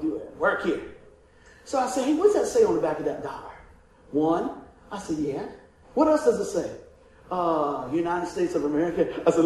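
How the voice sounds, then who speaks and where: A man telling a folksy, animated testimony story as a preacher, often laughing and acting out the voices in his story. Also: fairly high pitch. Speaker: evangelist preacher. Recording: heavily echoing hall with faint ambient noise.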